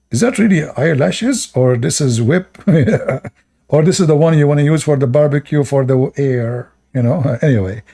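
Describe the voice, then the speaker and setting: A man's voice: medium pitch, warm tone, breathy edge. A man giving sarcastic live-stream commentary in non-native English while reading stories aloud, often breaking into laughter. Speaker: streamer commenting on religious texts.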